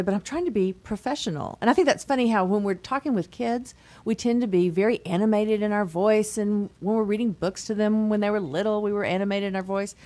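A woman's voice: on the low side, darkish tone. A woman hosting a podcast interview, talking in an upbeat, encouraging way. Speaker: podcast host. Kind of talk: casual interview chat.

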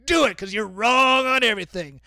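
Guy doing a loud bossy old wrestling promoter, barking orders, dry close sound. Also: extremely high pitch, fairly quick, vocal fry, no echo, exaggerated voice. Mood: boastful. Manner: bellowing, domineering. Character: blustering older male wrestling boss.

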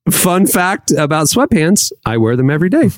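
A man's voice: a little high, very animated, fairly quick, over a noisy crowd. A man hosting a trivia game on a podcast, playful and emphatic, often laughing between questions. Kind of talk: casual quiz hosting.

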